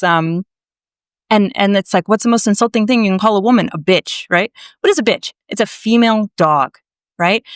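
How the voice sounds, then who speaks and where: A woman from Massachusetts, a naturopathic doctor, telling her story to a podcast host in a blunt, animated way. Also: medium pitch, clear, resonant tone, no echo, clean studio sound. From Massachusetts, USA. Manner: animated, emphatic, blunt, swears freely. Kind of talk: conversational storytelling.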